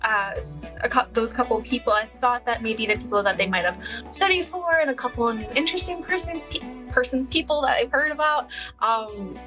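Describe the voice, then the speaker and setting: A woman's voice: on the high side, lively intonation, brisk, music in the background, natural voice. A woman voicing a sweet, awkward young woman in a tabletop game, hesitant and rambling. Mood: shy.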